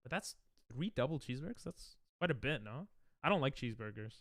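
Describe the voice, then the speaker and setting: A male streamer reacts to commercials in a lively, swooping voice and jokes with his chat. His tone is bright and forward, and the recording is dry and close, with no room sound. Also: medium pitch, fast, gravelly, no echo. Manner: joking, laughs often, talks to chat. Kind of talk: casual chat with live chat.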